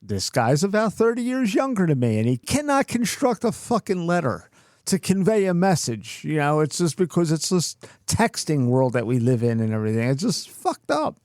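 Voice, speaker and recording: A man's voice: fairly high pitch, big pitch swings, moderate pace, darkish tone, no echo, studio quality. A middle-aged man co-hosting a podcast, telling a workplace story in a cursing, ranting way. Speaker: podcast co-host. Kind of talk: casual chat.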